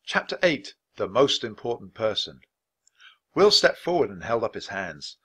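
Man, storybook reader, animated, bright tone, clear and steady. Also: on the low side, normal speed. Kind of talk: reading a children's book aloud.

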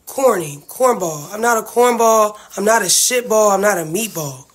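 A woman's voice: mid-range voice, lively intonation, normal speed. A woman venting to her livestream viewers about family feuds, blunt, profane and heartfelt. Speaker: reality-TV family member livestreaming.

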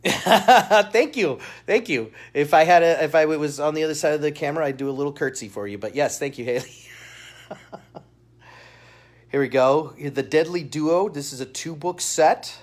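A man's voice: fairly high pitch, steady tone, moderate pace, a little mellow. A man hosting a live comic-shop sales stream, chatty and upbeat, greeting chat viewers by name and laughing often. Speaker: shopping show host. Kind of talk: live-stream product showcase.

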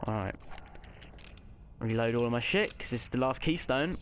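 Man, casual game commentary, mid-pitched, swears a lot, background noise audible. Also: animated, normal speed. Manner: chatty, swears often, reacts loudly to the game. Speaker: let's play gamer.

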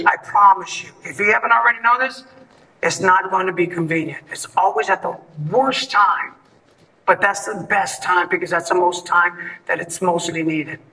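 A man's voice: sits high, sharp tone, distant mic, low-quality recording. A man giving an event speech, telling a story and acting out both sides of the dialogue. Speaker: event speaker. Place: event hall.

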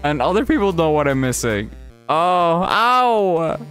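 Slow-talking frustrated gamer man. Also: on the high side, very animated, a bit bright, soft background music. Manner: frustrated, swears and laughs at himself; pleads with the game. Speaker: gaming channel host. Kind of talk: live let's play commentary.

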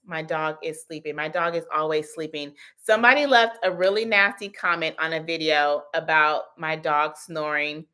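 A woman's voice: sits low, normal speed, hardly any pauses, bright, forceful tone. A woman in her thirties hosting a casual livestream Q&A as a business coach, chatty and laughing often as she answers the chat.

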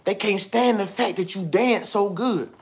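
A man giving casual motivational talk on a livestream, slangy and animated, repeating himself often. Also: high voice, measured pace. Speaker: vlogger. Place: indoors with TV and iPad.

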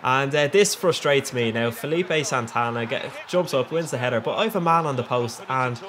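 A young man with an Irish accent doing cheeky, excitable voice-over commentary on his own gameplay, laughing often. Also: mid-range voice, moderate pace, a crowd in the background. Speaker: gaming channel host.

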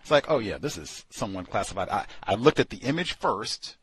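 A man with a low, husky voice hosts a talk program. He is blunt and dismissive and circles back to the same points again and again. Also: expressive, brisk, fairly bright tone, no echo. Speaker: radio show host. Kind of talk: casual critical commentary.

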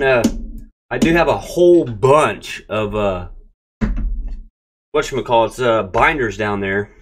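A man hosts a casual pack-opening vlog, gushing over each card and talking straight to his viewers. His pitch swings widely, climbing high when something excites him and dropping low in between. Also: slight background noise. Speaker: card-opening channel host.

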